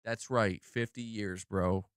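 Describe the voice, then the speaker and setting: A man's voice: fairly low pitch, steady tone, takes it slowly, smooth, no room sound, studio quality. A man streaming live, commenting on gaming news in a casual, slang-heavy, profane way. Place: home room.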